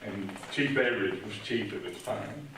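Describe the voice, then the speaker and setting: A man's voice: lowish voice, normal speed, noisy background. A middle-aged man, telling a rambling, folksy story as a speech at a retirement ceremony. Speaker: retired police officer giving a retirement tribute. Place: large room at a ceremony. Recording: echoey room, speaker far from mic.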